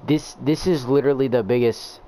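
A man's voice: medium pitch, steady tone, a little fast, mellow, slight background noise. A young man narrating his own video game in a stream of exasperated, profane complaints. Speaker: gamer posting gameplay. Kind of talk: live gameplay commentary.

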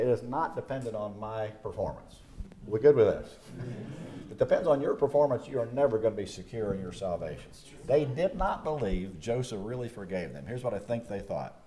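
A man preaching a chapel sermon, lively and acting out quoted voices. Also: mid-range voice, a little hiss or hum. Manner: animated, acts out quoted voices. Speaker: chapel speaker. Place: college chapel.

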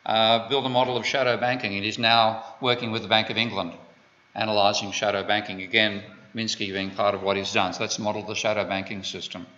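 A man's voice: fairly low pitch, flat delivery, fairly quick, pushed and bright. An Australian man giving an economics lecture, digressive and full of wry asides. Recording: dull lo-fi lecture recording.

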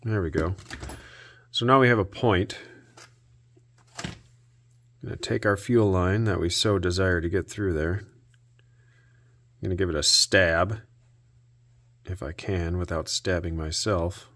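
A man hosting a repair video, narrating his work out loud with dry little jokes to himself. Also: sits low, takes it slowly, pauses often. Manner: self-talk with dry jokes. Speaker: host.

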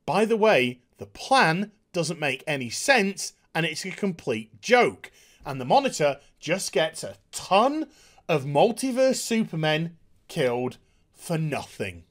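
A man's voice: high-pitched, a bit bright. A man hosting a TV episode review, recapping with mocking, exasperated sarcasm. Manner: mocking, exasperated, with hesitant fillers. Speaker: TV review host.

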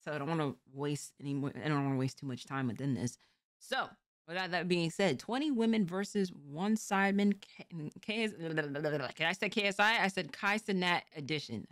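A woman's voice: low voice, brisk, fairly bright tone. A woman hosting a reaction video, talking casually in a rambling, self-correcting way and laughing easily.

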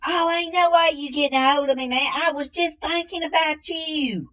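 In a comedy sketch, a woman plays a slow-witted, bumbling country man, drawling and repeating one catchphrase over and over. Her voice sits high with a fairly bright tone, and the recording quality is low.

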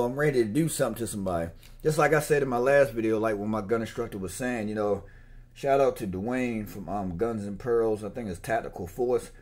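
A gun owner vlogger chats casually to the camera, rambling in a loose, slangy, meandering way. His voice is medium-pitched and a little mellow.

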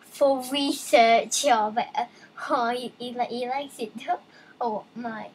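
A young woman casually commenting while playing a game, reading on-screen text aloud with excitable, chatty asides. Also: on the high side, slow, breathy edge, rough recording. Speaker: let's play gamer.

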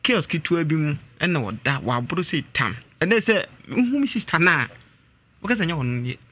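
Animated man caller. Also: fairly high pitch, fairly quick. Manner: hesitant, full of "eh" fillers. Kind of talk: telling a family story on a call-in.

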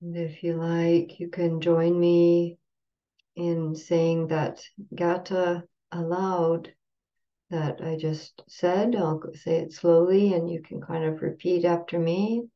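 A woman teaching meditation, speaking slowly and calmly as she leads a recitation. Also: lowish voice, lo-fi sound. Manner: slow, calm, leading a recitation. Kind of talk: guided meditation chanting.

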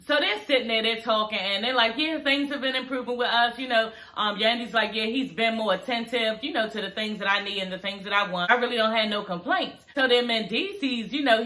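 A woman's voice: medium pitch, bright, forceful tone, rough recording. A young woman chatting casually to her viewers, candid and profane as she recaps a reality show. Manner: candid, profane, addresses viewers as "girl" and "y'all".

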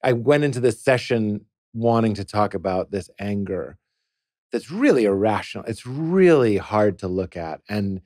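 A man, a comedian guest, tells a personal story in a podcast studio, animated and playful, slipping into quoted voices. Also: fairly low pitch, moderate pace, no room sound. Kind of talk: casual podcast conversation.

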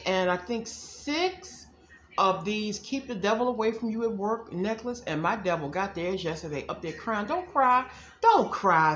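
A woman's voice: fairly high pitch, a bit bright, echoey room, a little hiss or hum. A woman giving casual psychic readings to viewers, chatty and folksy, calling them y'all. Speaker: psychic reader.

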